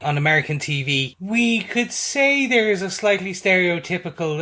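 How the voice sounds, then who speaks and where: A man with a fairly high voice asks questions in a casual podcast chat. He is curious and playful, and he sometimes mimics for fun. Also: lively intonation, normal speed, few pauses, bright, forceful tone. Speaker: podcast co-host.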